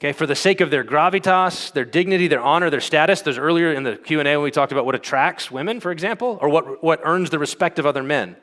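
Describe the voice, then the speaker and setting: A conference speaker with a slightly high, somewhat bright voice talks quickly with few pauses. His teaching talk is conversational, full of fillers and "okay?" checks aimed at the audience. The hall lends a long reverb.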